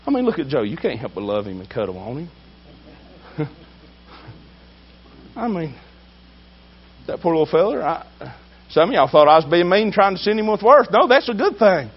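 A man preaching a sermon with emphasis, swinging between loud drawn-out shouts and low asides. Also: big pitch swings, husky, highs cut off.

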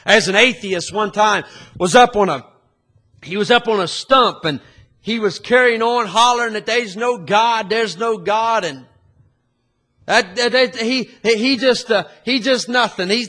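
High, bright-voiced preacher. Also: male voice, moderate pace. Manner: folksy storytelling that rises to fiery shouting. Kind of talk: sermon.

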